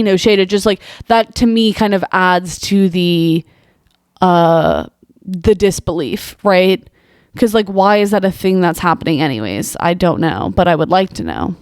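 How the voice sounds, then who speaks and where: A young woman hosts a comedic monologue, reacting to absurd posts with exasperated disbelief and rapid rhetorical questions. Her voice sits at a middling pitch and sounds close and dry, with no room around it. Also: a little mellow, clean tone, no echo. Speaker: podcast host. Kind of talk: comedic commentary reading posts aloud.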